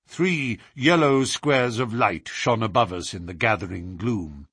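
A man narrating a classic story in a steady storytelling manner. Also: on the low side, measured pace, few pauses, slightly rough, dry recording, studio quality.

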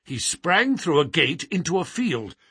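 Expressive husky male audiobook narrator. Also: on the high side, unhurried, dry recording, clean studio sound. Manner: expressive, dramatic storytelling. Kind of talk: audiobook reading of classic fiction.

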